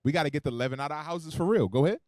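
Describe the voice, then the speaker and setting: A man preaching a sermon, calling on a reader for verses and joking in between, swinging from loud emphasis to quiet asides. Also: on the high side, expressive, very fast, no echo, studio quality. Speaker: preacher teaching a Bible class. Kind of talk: sermon with call-and-response scripture reading.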